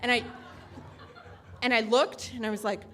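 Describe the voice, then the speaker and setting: Woman, high-pitched, live stage storytelling, chatty, lots of fillers, self-mocking. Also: fairly even intonation, moderate pace, a bit bright.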